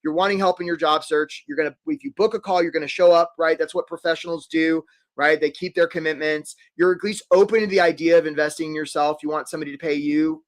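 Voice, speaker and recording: A man coaching job seekers in a live online workshop, talking quickly and energetically and speaking straight to his attendees. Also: a little high. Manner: energetic, talks fast, addresses attendees directly. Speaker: career coach hosting a webinar.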